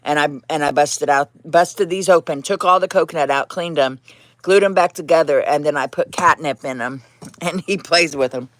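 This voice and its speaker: A woman's voice: low-pitched, normal speed, no room sound. Chatty woman hosting a home livestream. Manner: rambling, chatty, frequent laughs; talks to her cat in baby talk. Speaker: livestream host. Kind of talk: casual live chat.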